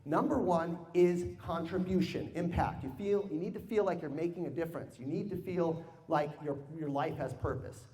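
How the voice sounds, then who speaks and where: A man telling a personal story as a sales speaker to a live audience, animated and humorous, drawing answers from the crowd. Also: on the high side, moderate pace, hardly any pauses. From United States. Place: large hall with audience. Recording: long hall reverb.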